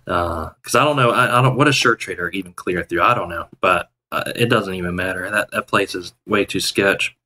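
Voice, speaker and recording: A man's voice: sits low, brisk, hardly any pauses, sharp tone, slight background noise. A young man hosting a day trading live stream, chatting casually to viewers and rambling indignantly with frequent restarts.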